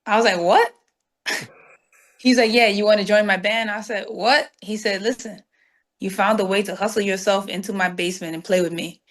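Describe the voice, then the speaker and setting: A woman's voice: medium pitch, brisk. A woman guest, telling stories in an interview and acting out the voices of the people in them. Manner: animated storyteller acting out quoted dialogue. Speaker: guest saxophonist. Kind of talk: storytelling interview.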